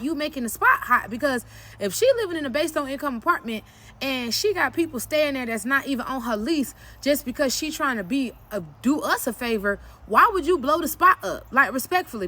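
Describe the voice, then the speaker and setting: Bright, high-voiced woman telling a blunt story. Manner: blunt, profane and emphatic, often cursing; animated retelling with sharp jumps when quoting herself. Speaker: vlogger telling a personal story. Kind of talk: candid storytime vlog.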